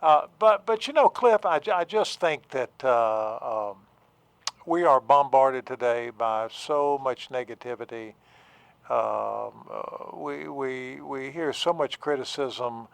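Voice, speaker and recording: Halting man, therapist on radio. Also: mid-range voice, expressive, gravelly, clear, resonant tone, dry recording. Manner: halting, many fillers and restarts. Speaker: therapist and professor, radio guest. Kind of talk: casual radio talk.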